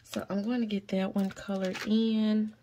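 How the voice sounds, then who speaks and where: A woman's voice: mid-range voice, flat delivery, unhurried, noisy background. A woman chatting casually to viewers in a budgeting vlog while counting cash aloud and calling them y'all. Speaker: budgeting vlogger.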